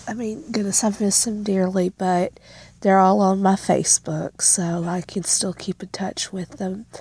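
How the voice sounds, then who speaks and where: A young woman talks slowly through a casual vlog challenge, laughing at herself as she goes. Her voice is mellow and full of vocal fry. The sound is dry and close, with no room around it. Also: mid-range voice, dry recording. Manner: rambling, giggly, self-deprecating. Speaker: vlogger.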